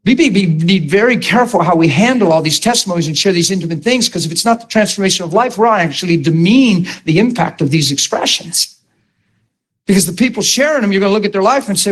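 A man's voice: high voice, animated, fast talker. A man preaching to a class in a sermon-style talk, emphatic and often asking the listeners if they follow him. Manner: emphatic, with rhetorical questions to the listeners.

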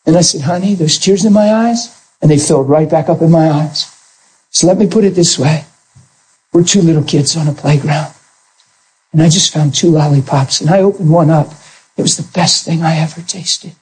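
A husky-voiced man preaches a sermon with a fairly high voice. He is animated, drops into soft asides and climbs to high, straining peaks. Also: moderate pace, low-quality recording. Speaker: pastor.

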